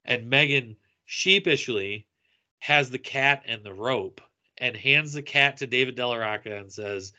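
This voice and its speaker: A man's voice: mid-range voice, normal speed. A man on a podcast telling a convention story in casual chat, acting out what people said. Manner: animated, acts out quoted lines. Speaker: podcast co-host.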